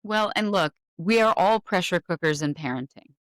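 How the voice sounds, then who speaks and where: A woman's voice: lowish voice, normal speed, no room sound. A woman hosting a podcast, offering reflective, empathetic commentary in a conversational way. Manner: empathetic, reflective commentary with animated mock quotes. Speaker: podcast host. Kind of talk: conversational interview.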